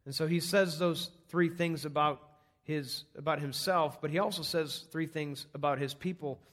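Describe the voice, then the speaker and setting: A man's voice: on the high side, steady tone, moderate pace, fairly bright tone. A man preaching an earnest, conversational sermon, walking through numbered points on a scripture passage. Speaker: pastor.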